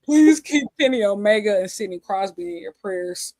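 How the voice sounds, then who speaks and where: A woman's voice: mid-range voice, lively intonation, moderate pace, darkish tone, dry recording. Laughing, gushing woman in her forties. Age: 40s. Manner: laughs often, emotional, gushing. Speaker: podcast co-host. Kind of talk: casual chat.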